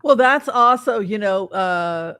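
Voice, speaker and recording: A man co-hosting a casual political chat, animated and quick to slip into impressions. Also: sits high, smooth, no room sound, clean studio sound. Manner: animated, does impressions, restarts often. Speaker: co-host.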